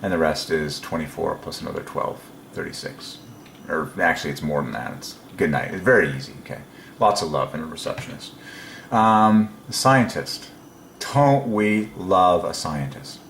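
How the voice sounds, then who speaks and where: Deep-voiced man musing in an echoey room. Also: lively intonation, moderate pace, creaky, a bit bright, slight background noise. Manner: rambling and musing, many ums, chuckles to himself. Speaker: religious video presenter. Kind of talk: casual solo preaching monologue.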